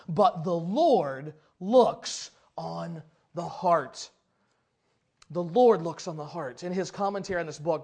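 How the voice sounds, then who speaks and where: A male preacher with a notably high voice delivers a sermon in a lively, chatty manner. He jumps from loud emphatic bursts to quiet, hushed asides. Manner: animated, conversational, swings from loud to hushed.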